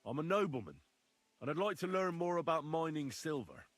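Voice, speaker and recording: A man's voice: a little high, very animated, brisk, no echo. An actor playing a polite, inquisitive young male nobleman in a video game. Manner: polite, questioning, firm when crossed.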